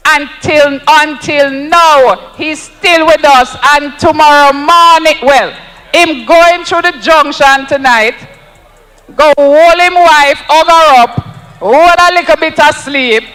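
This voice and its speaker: A man's voice: very high-pitched, slow, sharp tone, in a large hall, low-quality recording. A Jamaican man giving an emphatic, rousing campaign speech at an outdoor rally, repeating lines for effect. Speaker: political speaker at a rally.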